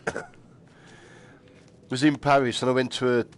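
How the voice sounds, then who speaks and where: Man, game streamer, casual chatter, frequent laughs, mid-pitched voice, faint rumble behind. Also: fairly even intonation, unhurried. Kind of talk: casual live-stream chat.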